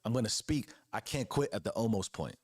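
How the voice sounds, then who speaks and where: A man's voice: on the low side, lively intonation, fairly quick, a little mellow, slightly rough, no room sound, clean studio sound. A man in his forties giving an earnest motivational monologue as host, preaching with casual slang and repeated phrases. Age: 40s. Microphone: close podcast mic.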